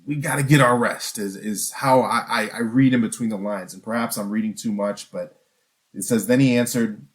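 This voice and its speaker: A pastor with a lowish voice preaches briskly and earnestly in a conversational tone, asking the listeners questions and often starting his sentences over.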